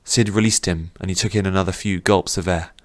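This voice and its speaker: A man narrating a fantasy audiobook in a measured, even manner. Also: sits low, no room sound.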